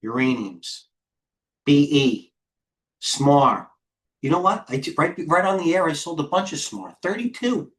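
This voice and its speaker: A middle-aged man hosting live trading commentary, firing off clipped ticker call-outs and excitedly talking to himself as he trades. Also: fairly high pitch, a little slow, long pauses. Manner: talks to himself while trading. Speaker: head trader hosting a market livestream.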